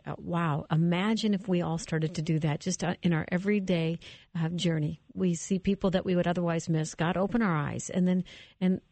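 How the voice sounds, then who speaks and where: A woman host asking questions in an interview and responding in a warm, affirming way. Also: sits low, gravelly, no room sound.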